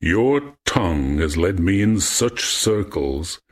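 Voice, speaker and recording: A man's voice: low-pitched, sing-song, takes it slowly, heavily acted. A man reading a furious goddess's curse. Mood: enraged. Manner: stern, cursing. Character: enraged queen goddess, middle-aged, cursing.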